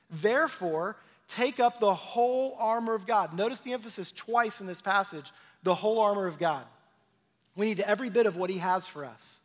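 High-voiced pastor preaching in a hall. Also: male voice, a bit bright. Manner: conversational, checks in with the congregation; repeats key phrases for emphasis. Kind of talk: sermon.

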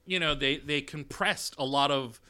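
A man with a slightly high, bright voice talks over a movie in a loose podcast chat. He stumbles and restarts often and reaches for everyday comparisons. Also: smooth. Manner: halting, many restarts and fillers, reaches for comparisons. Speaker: podcast co-host. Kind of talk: casual chat.

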